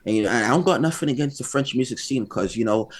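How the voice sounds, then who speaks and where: A man's voice: medium pitch, animated, fast, husky. A young man, talking casually as a guest in an interview, rambling and building his points one by one. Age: young adult. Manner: rambling, repeats phrases, builds points by number.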